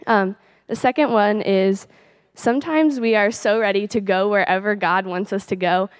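A woman's voice: medium pitch, normal speed, smooth, no room sound, studio quality. A teenage girl sharing a personal faith testimony in a chatty way, full of "like" and little laughs. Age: late teens. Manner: chatty, peppered with "like" and soft laughs.

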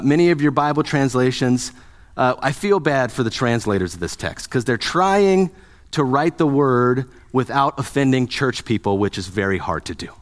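A man preaching a sermon as a pastor, in a conversational, joking way, asking his congregation questions. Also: medium pitch.

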